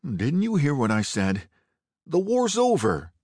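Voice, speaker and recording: A man voicing an exasperated Union shotgun guard calling out in a high, strained voice. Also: wildly swooping pitch, a little slow, darkish tone, dry recording, clean studio sound, exaggerated voice. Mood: incredulous.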